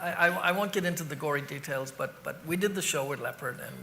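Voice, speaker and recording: A middle-aged Irish man, a rock singer being interviewed, telling animated stories that wander off on tangents and act out scenes with sound effects. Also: on the high side, quick pace, slight background noise. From Ireland. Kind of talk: anecdotal interview storytelling.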